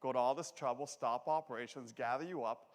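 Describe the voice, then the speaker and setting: A Canadian man giving a folksy, joking motivational safety talk with a lively delivery. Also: mid-range voice, a little fast. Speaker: safety speaker. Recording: echoey hall.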